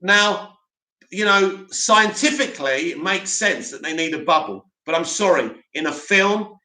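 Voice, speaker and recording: A man hosts a live stream and fires off blunt, opinionated takes in reply to his chat. His voice sits a little high and sounds sharp and forward, and the room around him is echoey. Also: lively intonation, a little slow.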